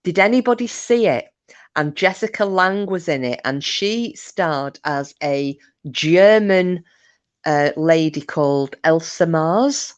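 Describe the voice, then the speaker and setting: Female streamer with a low voice, casual rambling host. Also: animated, slow, lo-fi sound. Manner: chatty, rambling, chuckling asides. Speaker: livestream host. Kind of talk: casual chat reading viewer comments.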